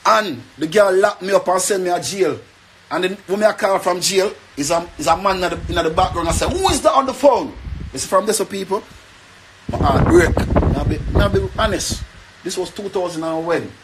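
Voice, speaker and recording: A man's voice: high-pitched, a little fast, background noise. A young man with a Jamaican accent, rambling and pleading in an emotional rant to the camera. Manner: pleading, rambling, repeats himself.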